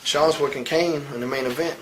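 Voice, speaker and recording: A man's voice: on the high side, steady tone, a little fast, background noise. A man in his forties in a candid interview, telling stories bluntly, with a lot of swearing and real heat. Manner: blunt, profane, heated storytelling. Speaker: interviewee, wrestler.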